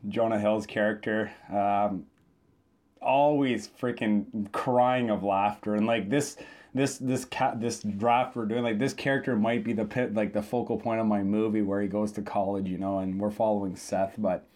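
A man in a casual podcast chat, talking in halting, self-correcting bursts. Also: on the low side, steady tone, a little mellow. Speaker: podcast co-host.

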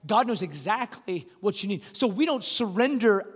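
A man's voice: sits high, moderate pace, hardly any pauses, slightly rough. Man preaching in an echoing hall. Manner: storytelling, animated, frequent restarts. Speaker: pastor. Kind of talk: sermon. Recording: long hall reverb.

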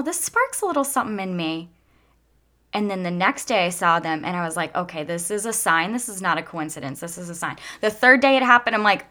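A woman telling a heartfelt personal story in a lively way, sometimes dropping to a soft whisper when she gets emotional. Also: medium pitch. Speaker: speaker sharing a faith testimony.

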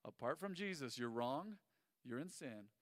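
A man preaching a sermon as pastor, telling stories animatedly and swinging between loud and hushed. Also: medium pitch, expressive, unhurried, no room sound, clean studio sound, big-room sound.

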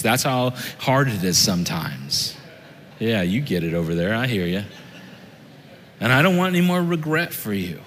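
Middle-aged pastor preaching in a reverberant hall. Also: male voice, medium pitch, lively intonation, moderate pace, a bit bright. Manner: conversational preaching with direct questions to the congregation. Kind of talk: sermon.

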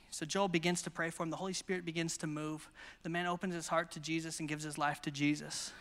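A man's voice: high-pitched, fast, in a large hall, slight background noise. A man preaching at a conference, telling stories energetically and acting out quotes. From United States. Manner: energetic, storytelling with acted quotes. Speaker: pastor. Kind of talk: sermon storytelling. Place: conference hall.

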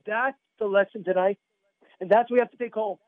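A man's voice: high voice, fairly even intonation, a little fast, dry recording, phone-quality sound. A man giving a sermon as a rabbi, emphatic, repeating phrases and putting questions to his listeners. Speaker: rabbi giving a Torah class.

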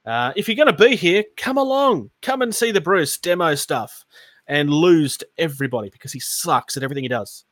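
A man's voice: on the high side, expressive, brisk, fairly bright tone, no room sound. A man, co-hosting a casual chat, rambling and self-mocking with frequent laughs. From Australia. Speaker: podcast co-host. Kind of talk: casual chat about tabletop gaming.

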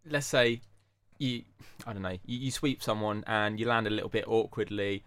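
Low-voiced laid-back podcast co-host. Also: male voice, steady tone, normal speed, fairly bright tone, dry recording. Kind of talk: casual podcast chat.

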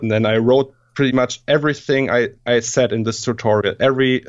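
German-accented man, halting and filler-heavy. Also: medium pitch, fairly even intonation, muffled recording. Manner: halting, lots of fillers and restarts, casual swearing. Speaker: guest CGI artist. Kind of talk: casual interview chat.

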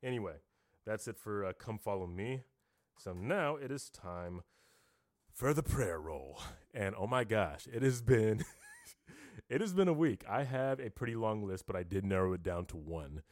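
A man with a fairly low voice talks casually on a podcast, animated and quick to laugh. The sound is dry and close to the mic. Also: dry recording. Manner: animated, laughs easily, religious reflection. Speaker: podcast co-host.

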